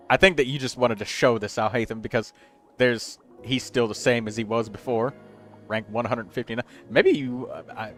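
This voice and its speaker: A man with a medium-pitched voice hosts a game livestream, casually chatting through viewers' characters and musing aloud as he tallies up numbers.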